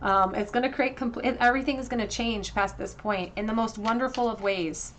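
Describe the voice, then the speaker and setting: A woman giving a tarot card reading to her viewers, earnest and emotional, often pausing with fillers and restarts. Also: a little high, a bit bright, a little hiss or hum. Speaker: tarot reader.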